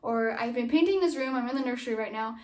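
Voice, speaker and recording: A woman's voice: fairly high pitch, quick pace, a little mellow. A young woman vlogger chatting casually to camera from a nursery at home, rambling with lots of fillers and a little out of breath.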